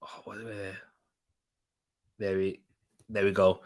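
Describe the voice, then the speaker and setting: A man's voice: lowish voice, flat delivery, slow, a little mellow. A young man hosting a live football watch-along from a home setup, chatting upbeat with his viewers and laughing often.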